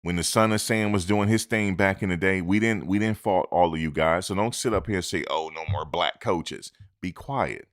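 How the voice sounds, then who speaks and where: A man's voice: low-pitched, brisk, hardly any pauses. A man giving opinionated sports talk into a close mic, emphatic and repetitive, lecturing his listeners. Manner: animated, emphatic, repeats points, lectures listeners. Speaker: sports commentator. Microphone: close microphone.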